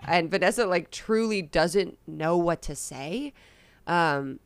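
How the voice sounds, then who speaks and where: Woman player, relaxed chatty narration, low-pitched. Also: slow, clear, resonant tone, no echo. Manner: casual, filler-heavy. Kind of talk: casual tabletop narration.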